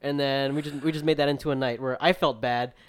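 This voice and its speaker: A man's voice: medium pitch, steady tone, quick pace, clean tone, no echo. Rambling young man telling a story. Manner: rambling storytelling full of filler likes, acting out friends' lines. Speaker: podcast co-host. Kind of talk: casual chat.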